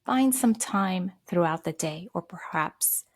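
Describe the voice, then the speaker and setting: A middle-aged woman hosting a podcast, speaking heartfelt and gently advising on self-care. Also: lowish voice, expressive, slow. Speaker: podcast host. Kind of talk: personal self-care talk.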